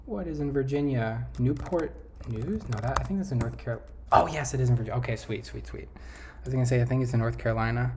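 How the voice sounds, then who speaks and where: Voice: medium pitch, quick pace, noisy background. A vlogger thinking aloud while playing a map quiz, trailing off and correcting themself, recorded on a desk mic. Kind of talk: casual talk over a map quiz game.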